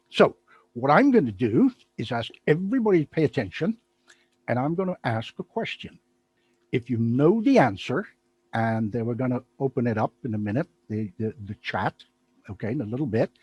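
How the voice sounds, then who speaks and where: Playful male host, husky and lively, rambling and giggly. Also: mid-range voice, normal speed, no room sound, highs cut off. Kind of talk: casual live show chat.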